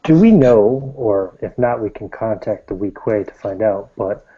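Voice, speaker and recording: A man playing a tabletop game, speaking in a measured, commanding way, recorded with dull lo-fi sound. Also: on the low side, steady tone, mellow, breathy edge. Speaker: player. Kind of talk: in-character tabletop play.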